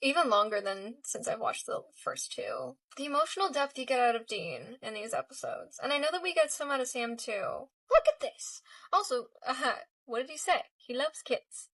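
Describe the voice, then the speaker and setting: A woman chatting through her reaction to a TV show in a gushing, emotional, chatty way. Her voice sits on the higher side and sounds a little distant from the mic. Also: animated, moderate pace, hardly any pauses, a bit bright. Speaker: reaction video creator. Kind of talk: casual reaction commentary.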